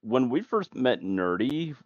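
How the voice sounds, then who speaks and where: A man's voice: medium pitch, sing-song, slow, no echo. A man hosting a casual podcast, speaking hesitantly with many fillers. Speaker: podcast host. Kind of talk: casual chat. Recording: dull, dry lo-fi sound.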